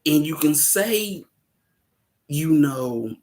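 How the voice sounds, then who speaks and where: A man's voice: a little high, expressive, extremely slow, darkish tone. A man hosting a casual livestream about a film, laid-back, laughing often and chatting with viewers. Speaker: host discussing a film.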